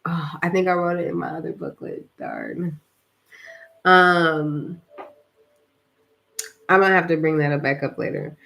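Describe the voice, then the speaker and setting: A woman's voice: sits low, sing-song, measured pace, gravelly, pauses often, fairly bright tone. Young woman, livestream host, casual spiritual chat, rambling, slangy, tired from a workout. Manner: rambling, many fillers, slangy.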